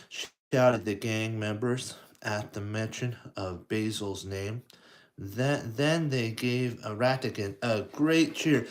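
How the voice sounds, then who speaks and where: A man reading a storybook aloud to children, halting over words and asking the listener questions as he goes. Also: on the low side.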